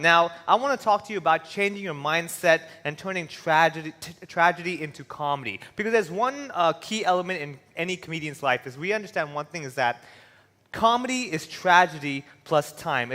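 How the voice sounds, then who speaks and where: A man from Hong Kong, a comedian giving an animated stand-up style talk on stage with a handheld mic, acting out little voices as he tells stories. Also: on the high side, brisk. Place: large hall with an audience. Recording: long hall reverb.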